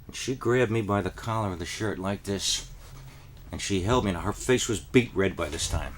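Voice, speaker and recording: A man from New Jersey telling a deadpan parody monologue, rambling and then rising into frantic, high-pitched pleas. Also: moderate pace, slight background noise. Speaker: comic storyteller.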